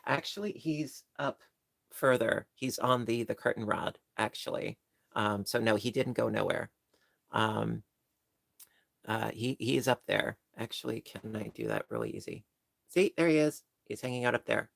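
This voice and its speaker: A man's voice: mid-range voice, expressive, moderate pace, creaky, fairly bright tone, no room sound, clean studio sound. A man hosting a home livestream, chatting casually and reading viewers' comments, rambling and apologizing with many ums and restarts. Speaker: livestream host.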